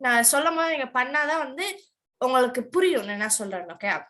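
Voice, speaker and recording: A woman teaching an online accent class to children over a video call. She drills words slowly and with emphasis, switching between English and Tamil. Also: sits high, expressive, fairly bright tone, low-quality recording.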